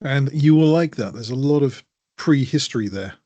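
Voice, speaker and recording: A man's voice: medium pitch, expressive, normal speed, mellow, no echo, highs cut off. A man co-hosting a podcast in casual chat, teasing and enthusiastic. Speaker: podcast co-host.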